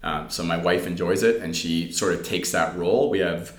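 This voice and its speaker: Deep-voiced man in a roomy space. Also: normal speed, soft background music. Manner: animated storyteller who acts out family dialogue. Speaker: interview guest. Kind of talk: casual interview conversation. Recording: roomy echo.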